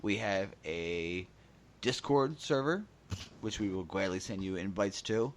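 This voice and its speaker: Male podcast co-host, low-pitched, slightly raspy, casual animated storyteller. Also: unhurried. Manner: animated storyteller acting out dialogue. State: slightly raspy after a sore throat.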